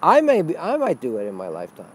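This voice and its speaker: A man speaking as a spiritual teacher in a webcast monologue, blunt and animated, swearing freely. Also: on the high side, fast talker, breathy edge.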